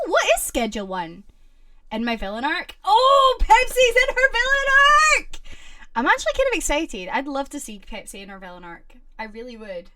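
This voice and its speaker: A young woman streamer chats casually with her viewers and reads stories aloud, getting excitable and reacting loudly. Her voice is a little high.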